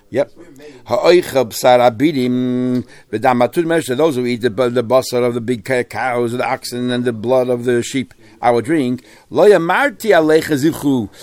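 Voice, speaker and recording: A man teaching a Talmud class, weaving Hebrew terms into his English with halting restarts. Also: medium pitch.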